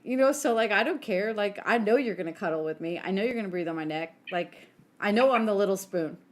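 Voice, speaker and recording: A woman's voice: mid-range voice, lively intonation, fast. Chatty woman telling family stories. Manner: chatty storyteller, acts out quotes, lots of "like". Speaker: podcast co-host. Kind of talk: casual chat.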